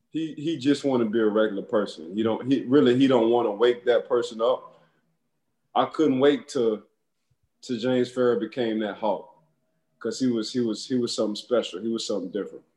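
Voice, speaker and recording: Animated male storyteller in an echoey room. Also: medium pitch, moderate pace. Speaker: former football player, podcast guest. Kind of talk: casual storytelling chat.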